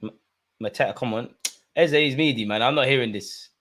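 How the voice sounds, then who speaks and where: A young man, commentating live on a football match for his viewers and shouting at the screen. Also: mid-range voice, fairly quick. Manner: excitable, swings from muttering to shouting at the screen. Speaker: football watchalong host. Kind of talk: live watchalong commentary, casual.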